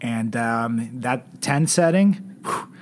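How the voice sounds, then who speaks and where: A man's voice: mid-range voice, lively intonation, takes it slowly. A man co-hosting a podcast, chatting casually and spinning crude, absurd jokes. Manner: jokey, crude, spins absurd tall tales. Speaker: podcast co-host. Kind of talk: casual comedic chat. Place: home, over a podcast setup.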